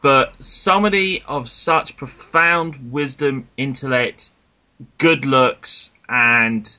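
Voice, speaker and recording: A man's voice: mid-range voice, takes it slowly, sharp tone. A man hosting a casual podcast, teasing his co-hosts and reading out listener questions in a joking way. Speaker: podcast host. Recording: muffled lo-fi audio.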